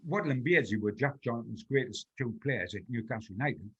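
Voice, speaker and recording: A man's voice: medium pitch, animated, brisk, fairly bright tone, husky, lo-fi sound. An older man from North East England, a veteran football journalist telling anecdotes in an interview and chuckling through his stories. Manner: chuckling storyteller, quotes people in his tales.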